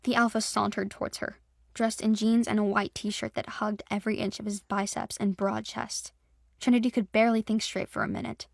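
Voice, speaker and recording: A woman's voice: medium pitch, brisk, gravelly, no echo, clean studio sound. A woman narrating a fantasy audio drama with dramatic storytelling.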